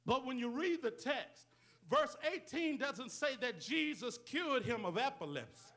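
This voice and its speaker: A man's voice: very high voice, lively intonation, a little slow, a bit bright. A male pastor preaching a sermon with call-and-response, repeated amens and rhetorical questions to the congregation.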